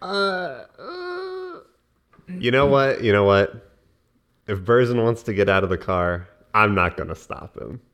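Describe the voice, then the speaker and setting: A man's voice: fairly low pitch, moderate pace, a bit bright. Casual, blunt man at a game table. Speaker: player.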